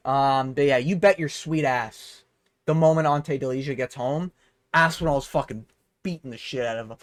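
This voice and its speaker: A man's voice: mid-range voice, moderate pace. Profane, rambling man breaking down fights. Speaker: MMA commentator vlogger.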